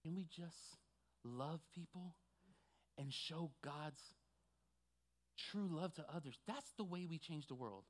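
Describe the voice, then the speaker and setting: A man's voice: a little high, slow, long pauses. Impassioned male pastor preaching a sermon. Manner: impassioned, swings from quiet asides to loud exhortation.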